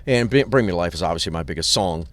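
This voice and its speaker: A man's voice: low voice, lively intonation, racing, no room sound. A middle-aged man, a record producer, casually telling long anecdotes with lots of swearing and acted-out quotes. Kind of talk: casual storytelling. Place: hotel parking lot.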